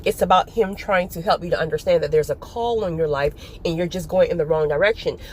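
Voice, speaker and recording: A woman giving a casual spiritual talk to her viewers, animated and often breaking into laughter. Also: on the low side, fairly quick, slight background noise. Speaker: faith vlogger.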